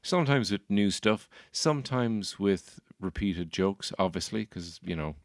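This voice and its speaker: A man's voice: fairly low pitch, animated, unhurried, dry recording, clean studio sound. A man with a Dublin Irish accent, a comedian hosting his podcast, rambling on in a wry, self-mocking way. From Ireland. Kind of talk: comic podcast monologue.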